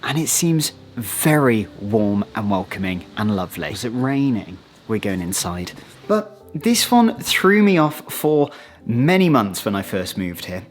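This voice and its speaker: A British man in a casual explainer vlog, chatty and animated, acting out little quoted exchanges as he talks. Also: lowish voice, unhurried. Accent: British English. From Britain. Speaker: vlogger. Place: outdoors, then moving inside.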